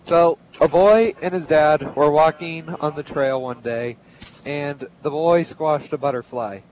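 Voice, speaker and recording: A man's voice: fairly high pitch, a little mellow, a little hiss or hum, low-quality recording. A man in a game voice chat, telling a joke in a storytelling way with small stumbles. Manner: storytelling, slightly halting. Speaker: player in voice chat.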